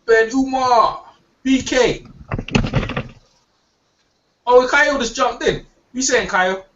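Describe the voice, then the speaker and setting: A man's voice: very high voice, slow pace, sharp tone. A man hosting a casual online hangout, talking in loose slang and repeating himself. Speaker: host. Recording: distant lo-fi mic with faint hiss.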